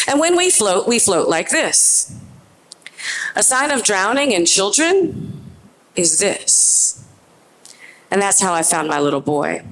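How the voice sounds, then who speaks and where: A middle-aged woman telling a personal story on stage into a handheld microphone, vivid and earnest, slowing into tense pauses. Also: on the high side, a bit bright.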